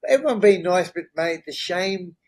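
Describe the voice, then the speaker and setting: A man's voice: high-pitched, animated, normal speed, a little mellow, rough recording. A middle-aged man, a podcast guest, candidly telling his own story in an earnest way and checking in with the listener as he goes. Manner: earnest, checks in with "right?" and "you know?".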